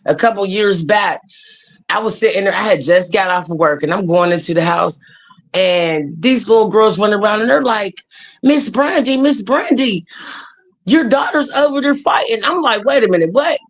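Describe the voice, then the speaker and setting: A woman tells stories in casual chat. She is blunt and profane and keeps a lively pace. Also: mid-range voice, moderate pace. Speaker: guest.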